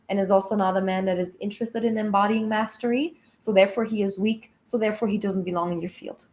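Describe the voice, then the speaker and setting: A woman's voice: mid-range voice, steady tone, fast, hardly any pauses, darkish tone. A woman spiritual coach giving an emphatic, blunt motivational talk with casual swearing.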